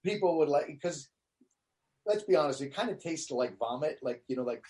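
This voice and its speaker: A man, a comedian guest, talking in a relaxed and loose way in a casual interview chat, leaning on lots of fillers. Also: fairly high pitch, moderate pace.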